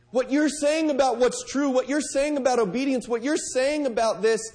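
Male preacher, high voice, conversational sermon delivery with questions to the congregation, loud and hushed by turns. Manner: conversational, asks the audience direct questions.

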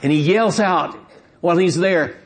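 A man's voice: high-pitched, moderate pace, slightly rough. A man preaching a sermon, earnest and explanatory, often repeating words as he builds toward emphatic points.

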